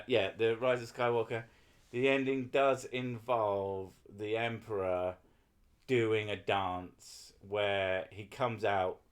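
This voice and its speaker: A man chatting casually on a livestream, rambling and swearing while he talks to his viewers. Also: lowish voice. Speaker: streamer.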